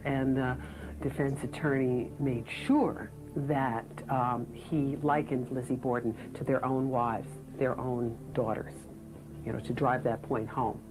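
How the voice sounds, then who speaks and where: A woman's voice: very deep voice, fairly even intonation, unhurried, low-quality recording. A woman interviewed for a documentary, giving opinionated and sarcastic commentary. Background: music bed.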